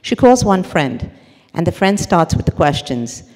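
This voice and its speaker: A woman therapist giving a parenting lecture to a live audience, animated and acting out little scenes as she teaches. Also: fairly low pitch, unhurried, big-room sound. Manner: animated, acts out little scenes with quoted voices.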